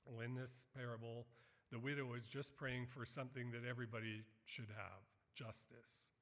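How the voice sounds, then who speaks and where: A middle-aged man preaching a sermon as a missionary, earnest and building to emphatic, animated quotes. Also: medium pitch, normal speed. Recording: long hall reverb.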